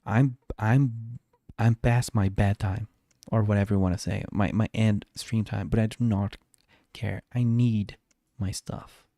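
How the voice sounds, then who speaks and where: Low, mellow-voiced man rambling over gameplay. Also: steady tone, a little slow, no echo, studio quality. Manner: rambling, self-talking, restarts often. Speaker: streamer. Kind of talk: live gameplay commentary. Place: home.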